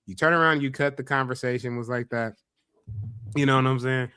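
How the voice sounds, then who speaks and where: Animated, swearing podcast host. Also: male voice, mid-range voice, a little fast, clean tone, no room sound, clean studio sound, faint music behind. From Los Angeles area. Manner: animated, profane, repeats himself when worked up. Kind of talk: casual podcast banter.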